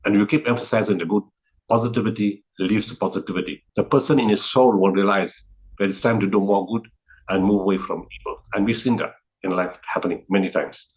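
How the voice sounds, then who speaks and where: A man's voice: lowish voice, fairly even intonation, brisk, poor audio. A man as an interview guest, earnestly recounting a spiritual teaching with frequent restarts and repeated words. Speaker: guest, humanitarian relief founder.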